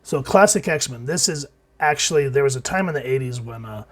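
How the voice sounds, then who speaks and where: A man hosts a casual comic book review while recovering from illness. His voice is husky and hoarse, his pitch sits in a middle range, and he rambles with many fillers and restarts. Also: animated, a little fast. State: sick, hoarse with coughs.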